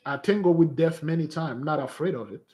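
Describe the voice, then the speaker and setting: A man talking casually to his followers as a spiritual fasting leader, exhorting them and calling them beloved, with rambling asides. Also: a little high, darkish tone. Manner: exhorting, calls listeners beloved.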